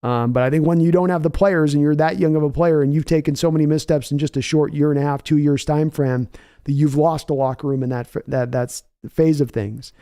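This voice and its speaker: A man's voice: on the high side, fairly even intonation, a little fast, warm tone, no room sound, studio quality. A man hosting a live sports reaction stream, reading chat messages and rambling thoughtfully with many restarts. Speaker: livestream host.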